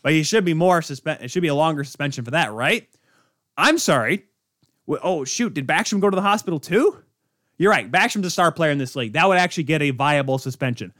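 A man's voice: fairly high pitch, animated, fairly quick, a bit bright, no room sound, clean studio sound. Man ranting on a hockey podcast. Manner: exasperated, sarcastic ranting. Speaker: podcast host. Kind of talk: heated sports rant.

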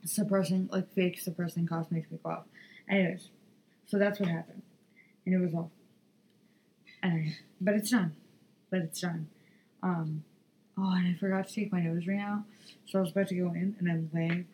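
A tired woman hosting a podcast, telling a story in a profane, rambling, animated way. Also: lowish voice, moderate pace, long pauses, a little hiss or hum, poor audio. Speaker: podcast host. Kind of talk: casual solo podcast monologue.

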